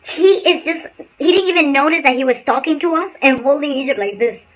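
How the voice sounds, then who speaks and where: A woman giving a casual motivational talk on a livestream, an animated storyteller who speaks bluntly and swears casually. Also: high-pitched, fairly quick, low-quality recording. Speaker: spiritual insights channel host.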